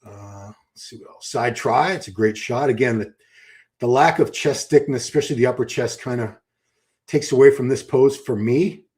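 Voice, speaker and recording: Man, live stream host, casual enthusiastic commentary, mid-pitched voice, talks to viewers. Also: normal speed, a little mellow. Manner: chatty, enthusiastic, restarts a lot. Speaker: livestream host.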